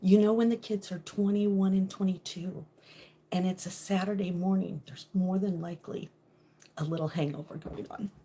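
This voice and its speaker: A middle-aged woman hosts a casual livestream from her home kitchen, greeting viewers by name and laughing often. Her voice sits at an ordinary pitch for a woman, and she sometimes drops to a hushed tone. A faint hiss runs underneath. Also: steady tone, moderate pace. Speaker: livestream host.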